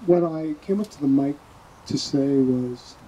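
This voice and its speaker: Man from New York, funeral speaker; slightly higher, mellow voice, hesitant, faint noise. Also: a little slow, poor audio. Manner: hesitant, with fillers. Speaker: eulogy speaker, neighbor. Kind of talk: informal funeral eulogy.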